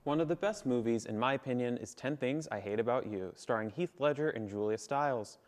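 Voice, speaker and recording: A young man co-hosting a student video show, enthusiastic and animated. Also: medium pitch, brisk. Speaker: co-host. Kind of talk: scripted campus video hosting.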